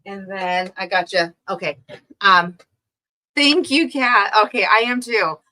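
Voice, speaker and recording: In a live craft sale streamed from her craft room, a middle-aged woman chats casually, exclaims over the goods and laughs often. Her mid-range voice comes out at a measured pace, pushed and bright, and the recording is rough.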